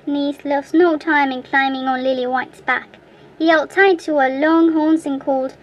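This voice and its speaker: A woman reading a fairy tale aloud as an audiobook narrator in a clear, steady way. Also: high voice, moderate pace, lo-fi sound. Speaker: audiobook reader. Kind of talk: storybook narration.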